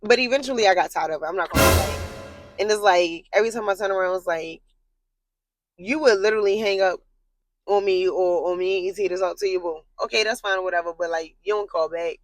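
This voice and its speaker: A woman's voice: brisk, no echo, faint music behind, rough recording. Rambling, swearing woman telling a story. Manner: rambling, full of "like" fillers, blunt with swearing; animated, jumps high in pitch when worked up. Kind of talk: casual storytime monologue.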